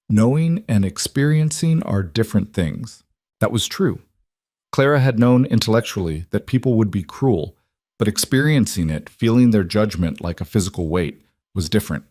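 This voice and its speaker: A man narrating a western story in a measured, deliberate scripted reading. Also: lowish voice, animated, a little mellow, no room sound, studio quality.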